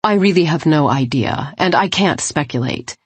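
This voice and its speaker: A woman's voice: low-pitched, expressive, normal speed, husky, dry recording, voice pushed down. A female narrator voicing a frank woman who hesitates before speaking plainly. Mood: candid.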